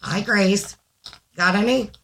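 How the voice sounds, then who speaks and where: A woman's voice: mid-range voice, slow pace, noisy background. A woman co-hosting a casual podcast, reading listener stories aloud, chatty and swearing freely. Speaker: podcast co-host.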